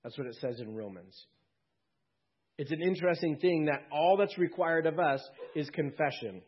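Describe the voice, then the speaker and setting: Earnest husky male pastor preaching. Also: a little high, normal speed. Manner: earnest, swelling then hushed. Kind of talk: sermon. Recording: dull lo-fi recording.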